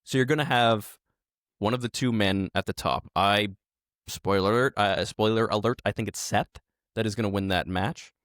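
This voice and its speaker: A man's voice: lowish voice, normal speed, a bit bright, dry recording, clean studio sound. A man co-hosting a podcast in casual chat, rambling as he thinks aloud and laughing easily. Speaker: podcast co-host.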